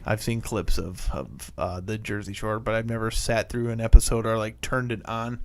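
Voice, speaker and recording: A man's voice: on the low side, steady tone, moderate pace, vocal fry, a little mellow. Laughing, rambling guy from Minnesota. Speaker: podcast co-host. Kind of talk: casual chat.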